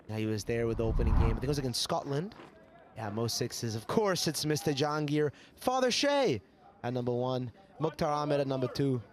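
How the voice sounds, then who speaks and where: Chatty male cricket commentator. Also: mid-range voice. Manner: chatty, excitable on big shots. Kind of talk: live sports commentary.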